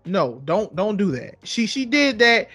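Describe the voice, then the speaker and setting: A young man co-hosting a podcast, telling stories in a casual, animated way, swearing freely and repeating himself for emphasis. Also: sits high, measured pace, breathy edge, no room sound, faint music behind. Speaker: podcast co-host. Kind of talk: casual storytelling chat.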